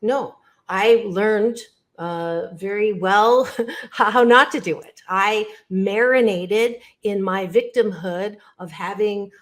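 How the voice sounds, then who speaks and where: A woman's voice: medium pitch, takes it slowly. A woman guest on an interview podcast, talking as a psychologist in an emphatic, motivational way, often repeating phrases and speaking straight to the listener.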